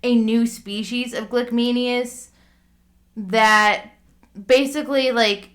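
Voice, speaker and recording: A woman's voice: a little high, fairly even intonation, slow. A woman co-hosting a podcast in casual chat, laughing often and stumbling over her notes. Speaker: podcast co-host.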